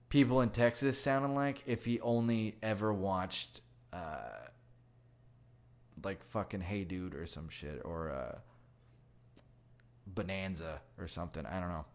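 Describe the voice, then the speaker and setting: Rambling, sweary man riffing on a movie. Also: on the low side. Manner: rambling and sweary, with many fillers. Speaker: comedy commentator. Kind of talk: comedic movie riff.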